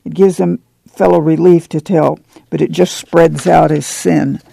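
A man voicing a blunt, gruff farm father with a drawl. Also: fairly high pitch, level tone, a little slow, dark tone, no room sound, heavily acted.

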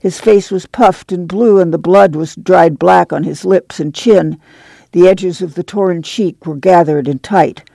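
Gravelly, mellow female narrator. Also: lowish voice, unhurried, no echo. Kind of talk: audiobook narration.

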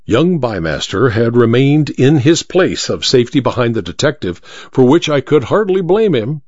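A man reading a detective story aloud as its narrator, with even, expressive storytelling. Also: mid-range voice, moderate pace, no room sound. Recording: dry, slightly dull recording.

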